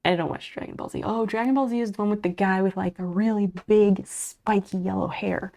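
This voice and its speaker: A woman's voice: medium pitch, steady tone, a little fast, creaky, a little mellow. A woman streamer chatting casually with her viewers while she crochets, muttering and swearing under her breath as she works. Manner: chats back to viewers' messages.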